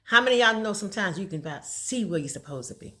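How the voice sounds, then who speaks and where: A woman's voice: mid-range voice, expressive, rapid-fire, bright, forceful tone. A middle-aged woman telling a casual, folksy story in a vlog, laughing often between lines. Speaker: vlogger.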